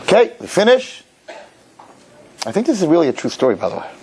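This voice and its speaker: A rabbi giving a lecture, telling a funny story and acting out its characters before drawing a lesson. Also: male voice, high-pitched, brisk, a little hiss or hum, rough recording. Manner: animated storyteller, jokes, acts out characters. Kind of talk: humorous sermon lecture.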